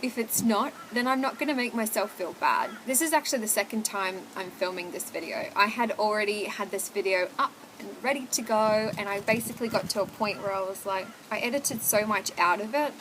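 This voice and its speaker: Talking to camera from home, a young vlogger chats candidly and confessionally, peppering her speech with "like" and "oh my God." Her mid-range voice has a fairly bright tone, and she talks a little fast with few pauses. The audio is poor, with a little hiss or hum.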